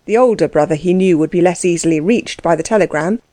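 A woman's voice: on the low side, fast talker, dark tone, no room sound. Woman narrating an audiobook, dry and close. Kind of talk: scripted narration.

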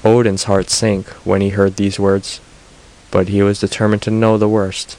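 A man reads old myths aloud in an audiobook, his voice sitting low. His telling is steady and even-paced. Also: moderate pace, poor audio. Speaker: narrator.

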